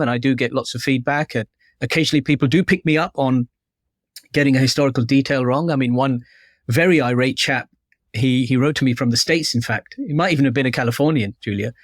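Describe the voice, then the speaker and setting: A man's voice: medium pitch, quick pace, no echo, studio quality. A man guest author chatting in an interview, telling anecdotes in a self-deprecating way. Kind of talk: casual interview chat.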